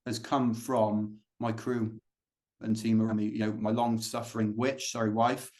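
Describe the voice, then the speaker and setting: A man's voice: lowish voice, little pitch movement, moderate pace, a little mellow. A British man, an ultrarunner guest, talking casually in an interview, rambling on with lots of fillers and restarts. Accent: British English. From Britain. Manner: rambling storytelling with many fillers.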